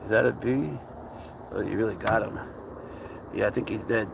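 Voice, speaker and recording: A man's voice: fairly low pitch, steady tone, moderate pace, creaky, background noise. A man filming his cat at an outdoor playground, chatting casually with profane, exasperated banter. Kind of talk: casual vlog chat.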